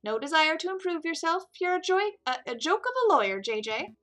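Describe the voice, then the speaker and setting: A woman's voice: very high voice, animated, fairly quick, a bit bright, pitched above the performer's own voice. A woman voicing a harsh, scornful male rival in a game, taunting someone. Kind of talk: game dialogue read aloud.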